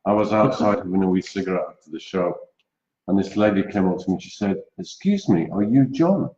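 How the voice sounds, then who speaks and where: A man's voice: low voice, level tone, quick pace, darkish tone. A man as co-host, telling a story in a dry, teasing way. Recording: echoey room, dull lo-fi audio.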